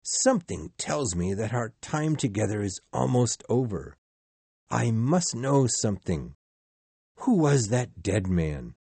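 A man's voice: on the low side, very animated, slow, warm tone, husky, no echo, heavily acted. A man reading a storybook and voicing a frightened old miser who begs and cries out. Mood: pleading. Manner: pleading, rising to anguished cries.

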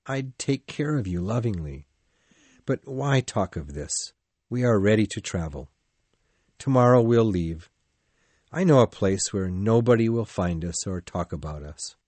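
An actor playing a brooding, passionate middle-aged lover in an audio drama, speaking intensely and pleadingly. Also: male voice, lowish voice, expressive, measured pace, a little mellow, no echo. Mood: tender, insistent.

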